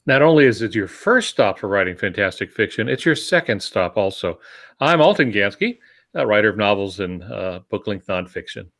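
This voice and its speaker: An older man co-hosting a writing podcast, speaking in a measured, teacherly way with dry wit. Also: lowish voice, big pitch swings, a bit bright. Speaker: podcast co-host, writer. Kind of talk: casual podcast chat.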